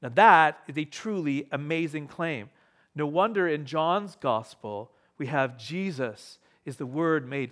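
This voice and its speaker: This pastor's fairly high voice is expressive, and he speaks a little slowly as he delivers a sermon to his live congregation. Emphatic throughout, he repeats key phrases and changes his pace and loudness.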